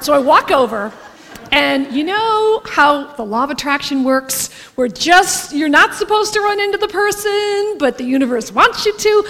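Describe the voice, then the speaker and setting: High, bright-voiced woman comic. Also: long reverb tail. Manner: brash, profane, animated storytelling. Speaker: stand-up comedian. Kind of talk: stand-up storytelling.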